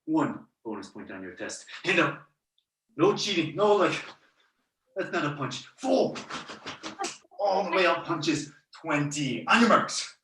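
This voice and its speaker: A taekwondo instructor leading a belt test over a video call, barking counts and commands and letting out loud yells, recorded in a studio. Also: mid-range voice, animated, unhurried. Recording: roomy echo, far from the mic.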